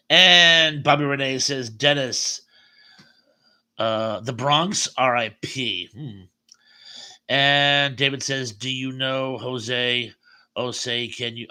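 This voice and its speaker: A man's voice: mid-range voice, sharp tone. A middle-aged man hosting a live stream, reading viewer comments aloud with chatty, wry asides. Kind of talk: casual chat.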